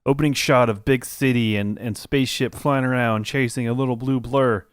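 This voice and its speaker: A laid-back male podcast co-host with a smooth, clean voice speaks in dry, matter-of-fact talk. The sound is close and dry. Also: mid-range voice, steady tone, normal speed, no echo. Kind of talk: casual chat.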